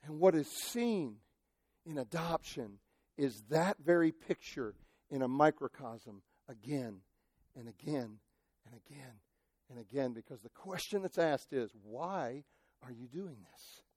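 A male pastor preaching a sermon, impassioned, moving from shouted cries to near-quiet asides. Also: mid-range voice, expressive, unhurried, slightly rough, dry recording, clean studio sound.

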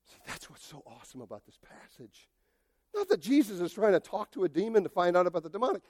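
A male pastor delivers a sermon at a quick pace, speaking directly and conversationally to his congregation with lively emphasis. His voice is high for a man, swinging from soft remarks to loud outbursts, and the recording is dry with no room echo.

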